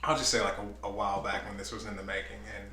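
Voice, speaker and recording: A man's voice: lowish voice, level tone, fast talker, pushed and bright. A man co-hosting a casual wine tasting chat, teasing and playful. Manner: teasing, playful, laughs often. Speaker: co-host. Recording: echoey room with faint noise.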